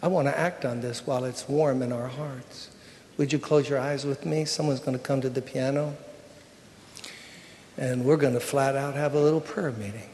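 An older man giving a sermon with a personal testimony, telling the story in an emotional, conversational way that drops to a hush at times. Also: mid-range voice, steady tone, moderate pace, long reverb tail, slight background noise. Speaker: preacher. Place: church sanctuary.

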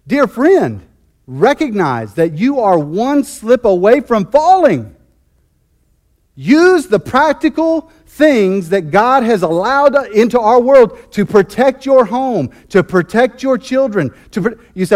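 A man's voice: high voice, sing-song, a little slow, a little mellow. A man preaching a sermon as pastor, fervent and emphatic, often repeating and restarting his phrases.

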